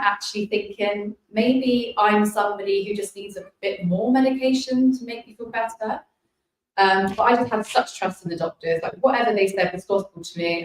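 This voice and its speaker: A British woman in her thirties telling her personal health story in an emotional, halting way, often apologizing as she talks. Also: medium pitch. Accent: British English. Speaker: guest sharing a healing story. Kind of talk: personal testimony. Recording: echoey distant room sound.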